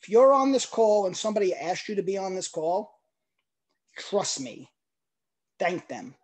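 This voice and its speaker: Passionate man pitching on a video call. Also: a little mellow. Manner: passionate, emphatic, emotional. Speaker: product promoter on a video call. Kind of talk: testimonial sales pitch.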